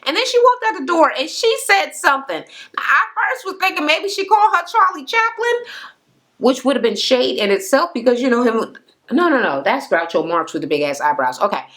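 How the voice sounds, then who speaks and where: A woman's voice: sits high, very animated, fairly quick, fairly bright tone. A young woman casually recapping a reality show in a chatty, gossipy way, full of fillers and swearing.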